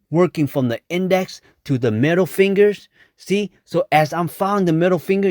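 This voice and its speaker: A man's voice: on the high side, a little mellow, no room sound, clean studio sound. A man working as a nail technician, talking through a tutorial in a blunt, chatty way, swearing now and then and calling his viewers y'all. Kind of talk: casual tutorial talk.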